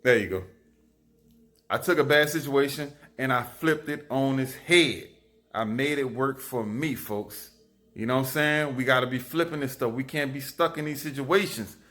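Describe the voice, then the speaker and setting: A man, telling lively stories into his phone camera in a casual vlog. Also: mid-range voice, normal speed. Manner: animated, repetitive, lively storytelling. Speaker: vlogger.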